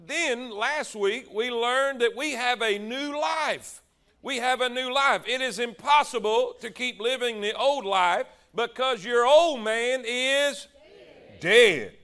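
A high-pitched man preaching at a slow, deliberate pace. He stretches out words for emphasis and calls on the congregation to respond. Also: sharp tone, smooth. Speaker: pastor. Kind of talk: sermon.

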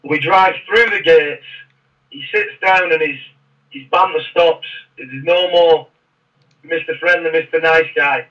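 Brief: man, fairly high, bright voice, rambling storyteller, mic distant and muffled. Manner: rambling, frequent restarts. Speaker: podcast guest, former Royal Marine. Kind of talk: casual interview storytelling. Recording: muffled, distant podcast audio.

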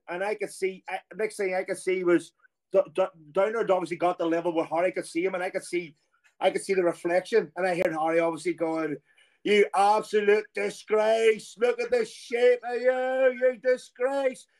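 A middle-aged man with an Irish accent and a fairly high voice for a man, spinning a lively anecdote. He talks casually and throws himself into the quoted voices as the story rolls on. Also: quick pace. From Ireland. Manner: animated storyteller who acts out quoted voices. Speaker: former footballer guest.

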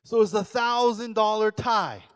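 Animated pastor in a reverberant hall. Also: male voice, high voice, unhurried, smooth. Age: 40s. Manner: animated, acts out quoted voices, asks audience questions. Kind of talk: sermon lecture.

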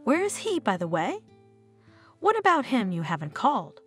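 A woman's voice: fairly high pitch, wildly swooping pitch, normal speed, soft background music. A woman voicing a frightened, injured young woman in an audio story, pleading and tearful. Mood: worried. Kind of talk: storybook narration.

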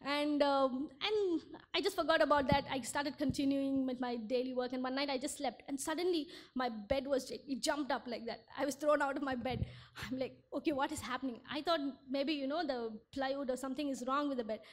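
A woman's voice: high voice, brisk. A young woman giving an earnest sermon testimony at church, often repeating words as she searches for them. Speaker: church speaker.

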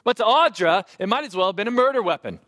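Animated high-voiced man preaching. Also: fast talker, dry recording. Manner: storytelling, animated and self-deprecating. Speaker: pastor. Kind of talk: sermon.

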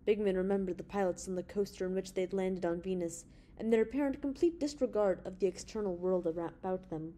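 A woman narrating an audiobook in a steady reading voice. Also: mid-range voice, a little fast, hardly any pauses.

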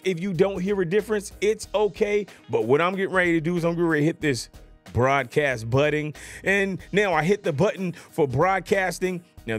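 A playful man with a voice pitched a little higher than most, chatting through a hands-on gear demo. He jokes around and keeps checking that the listener is following him. He talks into a podcast microphone in a quiet home studio, with soft music faintly underneath. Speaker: tech gear reviewer. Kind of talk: casual product demo. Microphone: USB podcast mic on desk.

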